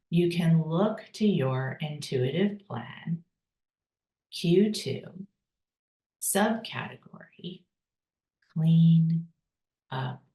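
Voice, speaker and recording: A woman teaching a personal growth course, calm and deliberate, with pauses for breathing and repeated key phrases. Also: low voice, reverberant, rough recording. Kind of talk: slow guided teaching with breathing cues.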